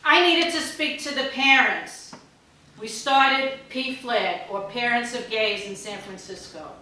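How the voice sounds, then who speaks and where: A woman in her sixties from New York, telling stand-up stories in a blunt, deadpan way and swearing freely. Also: a little high, unhurried. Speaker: stand-up comedian. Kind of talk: stand-up storytelling. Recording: very echoey hall, distant mic, faint noise.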